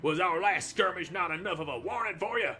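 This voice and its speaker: A loud drill-sergeant villain, a menacing floating orb, snaps orders and insults in a high, sharp bark. He is full of military bluster, voiced by a man reading the game's lines. Faint music plays under him. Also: animated, brisk.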